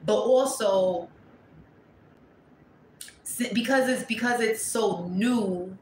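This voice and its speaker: A woman reading tarot to camera, blunt and profane, breaking into loud exclamations and dropping to quieter asides. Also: medium pitch, slow pace, echoey room, slight background noise, poor audio. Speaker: tarot reader.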